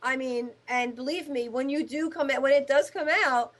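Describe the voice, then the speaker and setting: A woman host chats with lively, rambling enthusiasm. Her voice is high and she talks fast. She often breaks off and restarts her sentences. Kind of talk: casual chat.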